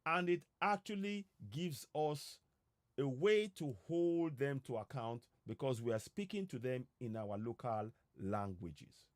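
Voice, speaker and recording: A man with a Nigerian accent giving an earnest civic talk on a live stream, emphatic and pausing often with fillers. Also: medium pitch, no echo, studio quality. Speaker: civic educator. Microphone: streaming setup.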